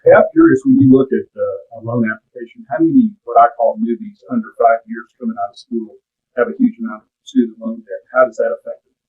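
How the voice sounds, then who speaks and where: Husky man telling stories on a thin line. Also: mid-range voice, quick pace. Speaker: podcast guest. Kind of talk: casual podcast chat, telling anecdotes. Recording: tinny phone-like sound.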